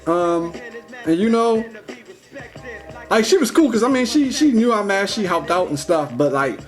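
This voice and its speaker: A young man talking in a casual, rambling vlog monologue, full of "like" and "you know", slangy and animated. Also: high voice, normal speed, soft background music. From United States. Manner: rambling, heavy use of "like" and "you know", restarts; slangy, animated when retelling. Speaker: vlogger.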